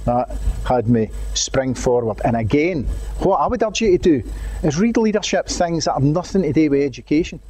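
A man's voice: fairly high pitch, animated, moderate pace, darkish tone. An older Glaswegian man, a former head teacher, telling anecdotes and urging his audience in a talk. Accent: Scottish, Glaswegian. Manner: storytelling, acts out quotes, urging.

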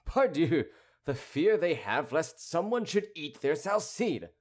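A man's voice: on the high side, big pitch swings, slow pace, pitched above the performer's own voice, full character voice. A man voicing a proud, hot-tempered middle-aged cavalier who speaks haughtily and impatiently, pushing his voice up. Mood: indignant.

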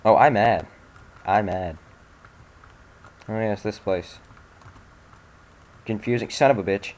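A man's voice: lowish voice, takes it slowly, darkish tone. Sarcastic, swearing young man gaming. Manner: sarcastic, swears, frustrated outbursts. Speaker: let's play gamer. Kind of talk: casual gameplay commentary.

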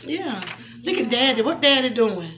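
A woman, reading a picture book aloud to her young child in a soft, coaxing way, with asides. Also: high voice, lively intonation, moderate pace, noisy background.

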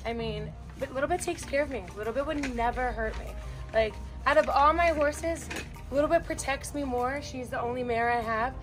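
A young woman with a slightly high voice chats her way through a horse-grooming vlog. She talks to the camera and coos at the animals beside her. Soft music runs faintly under her voice. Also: normal speed. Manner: chatty, talks to her horses in a bright coaxing voice. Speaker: vlogger and horse owner. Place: outdoors and in a barn with horses.

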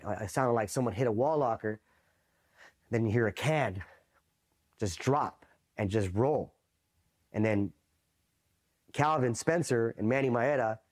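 A man from East Los Angeles, a Marine veteran, telling a profane, animated story in a casual interview and acting out the voices he quotes. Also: on the low side.

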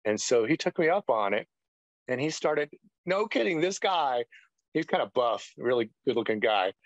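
A man's voice: medium pitch, sing-song, moderate pace, no room sound. A middle-aged man, a retired pastor, giving a personal testimony in an interview, rambling earnestly with lots of "you know". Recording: dull, dry lo-fi sound.

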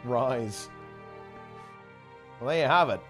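A man's voice: medium pitch, takes it slowly, faint music behind. A man casting a live online game tournament in a chatty, rambling way, often correcting himself mid-sentence. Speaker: esports tournament commentator. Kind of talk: casual live game commentary.

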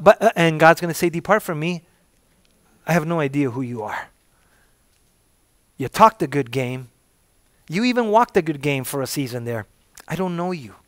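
A pastor preaching a sermon with emphatic bursts and call-and-response prompts to the congregation. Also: male voice, on the high side, fairly bright tone, dry recording, clean studio sound. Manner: call-and-response, repeating "say amen if you're with me".

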